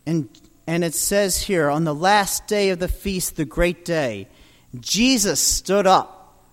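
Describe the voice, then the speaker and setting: A man preaching a sermon, building dramatically from quiet storytelling to loud proclamations. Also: sits high, animated, slow pace, long reverb tail.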